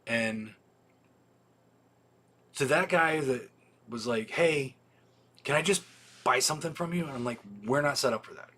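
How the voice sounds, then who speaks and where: A man's voice: medium pitch, unhurried, long pauses, bright, forceful tone. A man hosting a casual livestream for his video store, rambling and swearing freely, with many ums and restarts.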